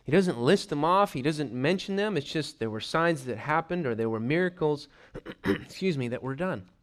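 A man preaching a teaching sermon, lively, putting on voices for quick asides and clearing his throat now and then. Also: on the high side. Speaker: pastor.

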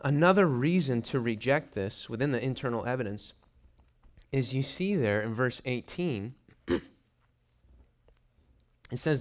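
A pastor with a medium-pitched voice delivers a lively teaching sermon. He puts on voices for quick asides and clears his throat now and then.

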